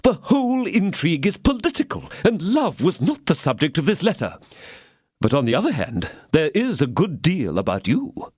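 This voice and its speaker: An excitable king, as a male reader puts him on, speaking up high with eager animation. The audiobook sound is close and dry. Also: moderate pace, breathy edge, dry recording, full character voice. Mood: delighted. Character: excitable young king, a man.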